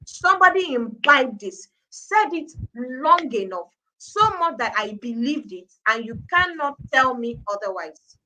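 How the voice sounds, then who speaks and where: A middle-aged Nigerian woman talking on a live-stream show, her voice bright and forceful and pitched a little high. She presses her points hard and repeats key words for weight. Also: very animated, measured pace, low-quality recording. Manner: emphatic, repeating points for stress. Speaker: parenting speaker, guest.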